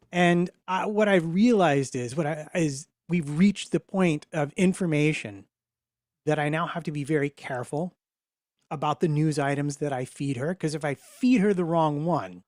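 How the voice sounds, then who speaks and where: A man with a fairly high voice, talking in an easygoing, amused way on a casual podcast. He chats at a relaxed, conversational pace. The recording is dry and close to the mic. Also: moderate pace, no room sound. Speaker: podcast co-host. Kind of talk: casual chat.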